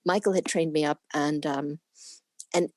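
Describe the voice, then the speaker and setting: Lively older woman telling stories. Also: deep voice, a little slow, dry recording. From New York. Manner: animated, laughs often, acts out quoted voices. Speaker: guest, former camera assistant. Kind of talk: casual interview storytelling.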